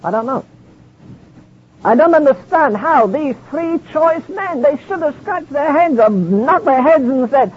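Man preaching old-time sermon, very high husky voice, muffled old tape sound. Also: animated, a little slow. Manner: preaches with scripture quotes in King James wording. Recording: dull lo-fi archive sermon recording.

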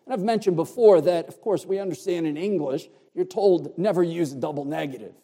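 A man preaching an expository sermon, explaining the Greek words of a passage with deliberate emphasis. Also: fairly high pitch, mellow, husky. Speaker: pastor. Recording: long hall reverb.

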